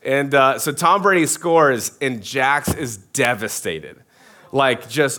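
A man's voice: medium pitch, animated, takes it slowly, bright, forceful tone. Joking preacher man, many restarts. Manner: casual, joking, many restarts, asks the crowd. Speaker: pastor. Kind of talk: sermon.

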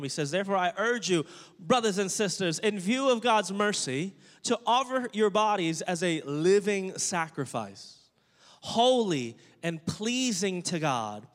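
A man preaching a sermon as pastor, energetic and joking, calling on the congregation to respond. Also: on the high side. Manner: jokey, playful asides. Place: church sanctuary. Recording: long church-hall reverb.

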